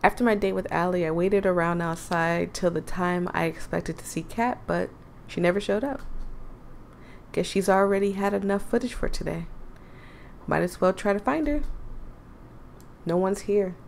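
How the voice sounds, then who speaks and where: A woman's voice: lowish voice, moderate pace, vocal fry, long pauses, slight background noise. A young woman hosting a casual game playthrough, chatting, giggling and rambling in asides. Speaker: gaming channel host. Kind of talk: casual let's-play commentary.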